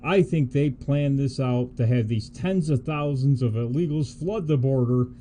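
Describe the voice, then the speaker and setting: A man's voice: medium pitch, normal speed, mellow, slight background noise. A man co-hosting a political livestream, talking in a casual, indignant and scornful way. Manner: indignant, scornful, laughs easily.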